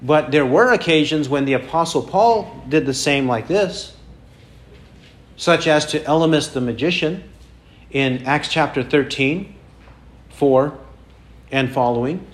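Emphatic slow-paced preacher, fairly high voice. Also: male voice. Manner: questioning, emphatic, repeats key phrases. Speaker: pastor. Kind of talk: sermon.

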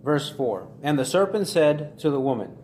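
A man's voice: a little high, lively intonation, darkish tone. Emphatic male preacher, echoey room. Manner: deliberate, emphatic, repeats key phrases. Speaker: pastor. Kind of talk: expository sermon. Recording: echoey room with faint ambient noise.

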